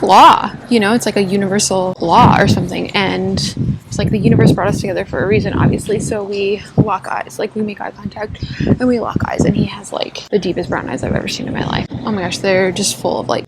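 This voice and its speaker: A woman's voice: medium pitch, fairly even intonation, a little fast, very noisy. Bubbly young woman telling a silly story. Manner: bubbly, filler-heavy valley-girl chatter. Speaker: comedic storyteller. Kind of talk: casual comedic storytime.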